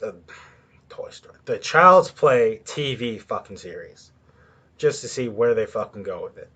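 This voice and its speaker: A man's voice: mid-range voice, vocal fry, a bit bright, muffled recording. A man hosting a podcast on his own, ranting in a rambling way with lots of swearing and filler words. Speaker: podcast host. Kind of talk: solo ranting commentary.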